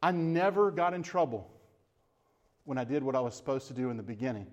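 A man's voice: mid-range voice, animated, a little fast, highs cut off. A man preaching a sermon as pastor, earnest and emphatic with repeated phrases, then leading a closing prayer.

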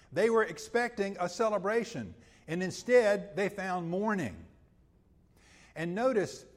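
A man preaching a sermon and reading scripture, with emphatic, drawn-out phrases that swell loud and then drop to a hush. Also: fairly high pitch. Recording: long hall reverb.

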